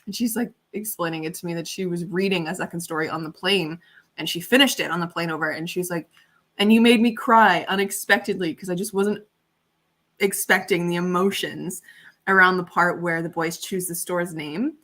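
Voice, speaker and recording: A young woman hosting a casual livestream, talking in a loose, chatty way and giggling often. Her voice has a bright, forward edge. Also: on the low side, moderate pace. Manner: chatty and giggly, lots of fillers. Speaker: livestream host and author. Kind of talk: casual chat on a writing livestream.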